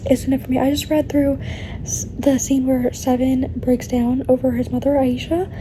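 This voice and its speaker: A woman's voice: sits high, little pitch movement, noisy background. Chatty young woman book vlogger. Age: young adult. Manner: chatty and rambling, quick to laugh, earnest. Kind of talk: casual reading vlog chat.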